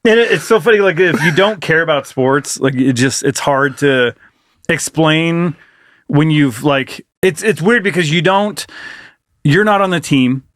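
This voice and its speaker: A man co-hosting a podcast in casual chat, telling animated stories, acting out what people said and swearing freely. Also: fairly high pitch, unhurried, no echo, studio quality. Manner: animated storyteller, acts out quotes, swears freely. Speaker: podcast co-host.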